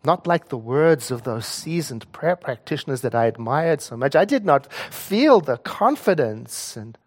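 A man's voice: mid-range voice, very animated, unhurried. A man who works as a prayer practitioner, telling a personal story in a spiritual talk, earnest and rising to emphatic points.

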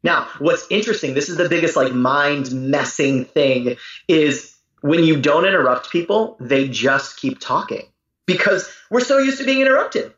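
A man's voice: a little high, lively intonation, normal speed, a bit bright, husky, dull audio. A man chatting playfully as a podcast guest, laughing easily. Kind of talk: casual interview chat.

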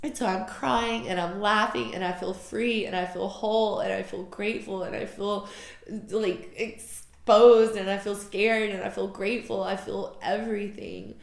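A woman's voice: mid-range voice, fairly even intonation, normal speed, creaky, echoey room. A woman hosting a podcast, telling a personal story in an emotional, rambling way with many fillers.

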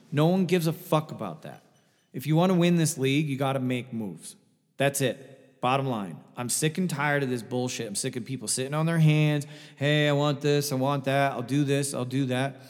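A man's voice: medium pitch, big-room sound. A man co-hosting a fantasy football podcast, ranting with a lot of profanity in casual chat. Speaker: podcast co-host.

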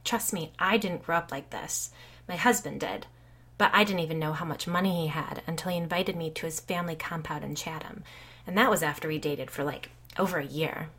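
A blunt, well-off young mother who tells a story with casual swearing and a dry, sardonic edge, as a woman reader acts her. The voice sits low with a husky grain. It is an audiobook character who talks like she is spilling gossip over wine. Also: a little fast, a bit bright, exaggerated voice. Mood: gossipy. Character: blunt, foul-mouthed wealthy young mother. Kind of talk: audiobook reading.

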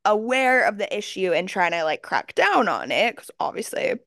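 A woman in her twenties co-hosting a podcast, telling a story in an animated way with fillers and laughs. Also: medium pitch, moderate pace, gravelly, dry recording, clean studio sound. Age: 20s. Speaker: podcast co-host. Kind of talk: casual chat.

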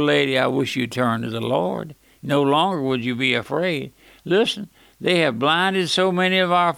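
A man's voice: a little high, vocal fry, pushed and bright, clean tone, no room sound. A man preaching an emphatic, fiery radio sermon with folksy asides.

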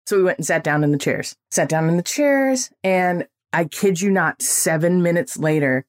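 A woman in her forties hosting a podcast, telling an everyday story in a lively way and acting out what people said. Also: low-pitched, brisk. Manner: animated storytelling, acting out quotes. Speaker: podcast host.

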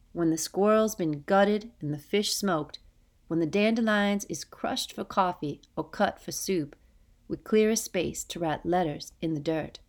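A woman's voice: low-pitched, a little mellow. A woman narrating a first-person story in an audiobook, reading steadily with folksy dialect phrasing.

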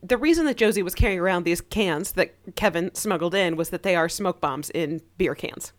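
A woman's voice: fairly low pitch, a little fast. A woman co-hosting a podcast, casually recapping episode plots and briefly acting out the characters' quotes. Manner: narrates plot, acts out quotes.

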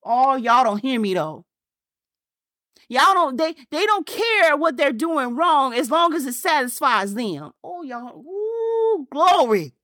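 A woman's voice: high-pitched, big pitch swings, measured pace, sharp tone, no room sound, studio quality. A woman pastor preaching a fervent sermon, repeating her points and firing rhetorical questions in a casual, folksy way. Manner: colloquial Southern-style phrasing like y'all and ain't.

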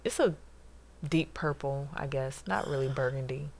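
A woman in her thirties co-hosting a casual podcast chat, excitable and prone to loud, laughing outbursts. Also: very deep voice, moderate pace, a little hiss or hum. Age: 30s. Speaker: podcast co-host.

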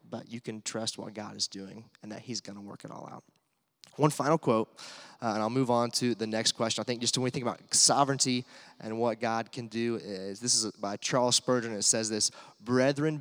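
A man preaching a sermon in a relaxed, conversational way, with many fillers, telling family stories and reading scripture aloud. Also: mid-range voice, brisk. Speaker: pastor. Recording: long hall reverb.

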